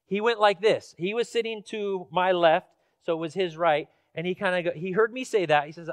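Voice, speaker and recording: A man from Washington State preaches in a church, his voice notably high. He tells stories in a relaxed, chatty way with ums and uhs, then presses emphatic questions. The sound is close and dry. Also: fairly quick, hardly any pauses, smooth, no room sound. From Washington State, USA. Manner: conversational storytelling with fillers, rising to emphatic questions. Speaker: pastor. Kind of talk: sermon. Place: church sanctuary.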